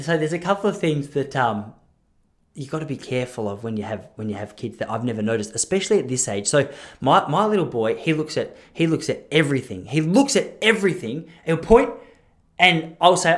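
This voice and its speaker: A young man hosting a podcast, telling a long story alone in a rambling, jokey way and breaking off his own sentences. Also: fairly high pitch. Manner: rambling, self-interrupting, jokey asides. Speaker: podcast host. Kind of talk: casual solo storytelling.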